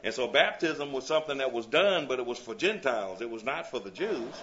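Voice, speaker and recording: A man's voice: medium pitch, animated, fairly quick, a bit bright, muffled recording. A man leading a Bible study class. He reads scripture aloud and often checks in with his listeners, asking "you see?".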